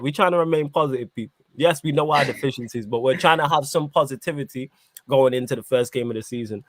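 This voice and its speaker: A man hosting a casual football podcast, talking in animated slang while eating. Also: mid-range voice, fast, no echo. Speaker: podcast host.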